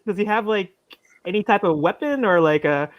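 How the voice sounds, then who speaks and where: Man, chatty co-host, high voice, laughs often, dry close sound. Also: expressive, a little fast, dry recording, highs cut off. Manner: laughs a lot, asks questions. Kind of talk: casual chat.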